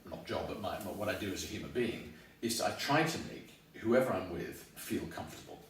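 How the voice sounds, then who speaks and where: Lively guy coaching chat, swings his pitch all over, fast, echoey salon from across the room. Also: recorded from a distance, a little hiss or hum. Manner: animated, acts out voices in anecdotes. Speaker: communication coach. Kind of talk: storytelling conversation. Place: hair salon.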